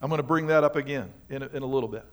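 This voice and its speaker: A man's voice: medium pitch, rapid-fire. A male pastor preaching a sermon in church, speaking emphatically and questioning the congregation directly. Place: church sanctuary.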